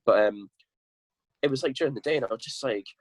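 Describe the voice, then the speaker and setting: A man's voice: mid-range voice, fast, no room sound. A Scottish man telling a rambling, sweary tour story as a podcast guest, with lots of restarts. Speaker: guest musician.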